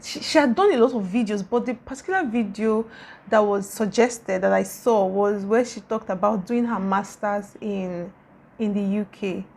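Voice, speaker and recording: A young Nigerian woman with a Nigerian accent, talking casually in a vlog and gushing with warm, repetitive praise. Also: mid-range voice, normal speed, creaky. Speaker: YouTuber.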